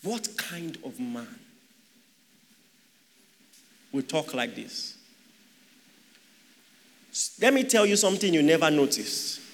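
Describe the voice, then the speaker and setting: A man's voice: a little high, very animated, unhurried. A man preaching a sermon, asking the congregation rhetorical questions and joking with them. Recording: long hall reverb.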